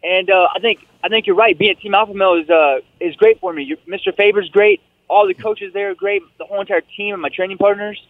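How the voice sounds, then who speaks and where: A man in his twenties talking as a guest fighter by phone, relaxed and rambling with fillers. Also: high-pitched, fast, gravelly, hardly any pauses, no room sound. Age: 20s. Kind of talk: casual phone interview. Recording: tinny phone line.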